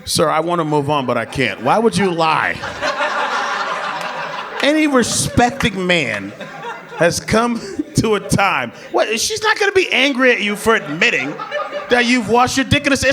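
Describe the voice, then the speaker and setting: A male comedian works a club stage with a high, lively voice that jumps from loud shouts to low muttered asides. His delivery is crude and animated. A crowd laughs loudly behind him in the live room. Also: moderate pace. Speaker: stand-up comedian. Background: audience laughter.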